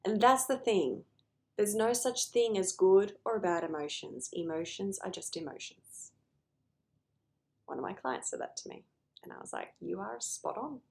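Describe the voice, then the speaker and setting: A woman's voice: medium pitch, measured pace, creaky. A woman therapist talking earnestly to camera about noticing emotions, sometimes acting out conversations with clients.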